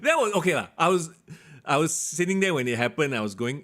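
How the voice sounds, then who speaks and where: A man, co-hosting a casual wrestling podcast, excitable and quick to laugh. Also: a little high. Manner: animated, excitable, laughs often. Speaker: podcast co-host. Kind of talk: casual wrestling review chat.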